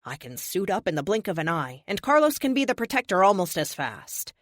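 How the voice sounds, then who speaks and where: A woman's voice: on the low side, big pitch swings, brisk, dry recording, clean studio sound. A woman narrating a first-person audiobook in a wry, spirited voice.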